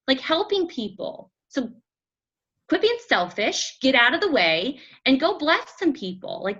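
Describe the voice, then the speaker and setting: A woman giving energetic, chatty motivational coaching talk to a group, often acting out quotes. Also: mid-range voice, muffled recording. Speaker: fitness business coach.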